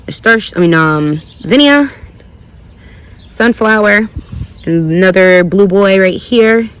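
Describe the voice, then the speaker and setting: Slow-talking woman touring her backyard garden. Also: medium pitch, animated, clean tone. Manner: chatty and rambling, thinks aloud, self-corrects. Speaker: gardening vlogger. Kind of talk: casual garden tour vlog.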